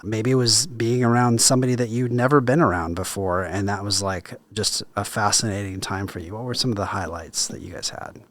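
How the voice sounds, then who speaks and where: A man's voice: on the low side, a little fast, hardly any pauses, a bit bright. A man, an army chaplain, hosting an interview in a reflective, encouraging way. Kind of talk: conversational interview.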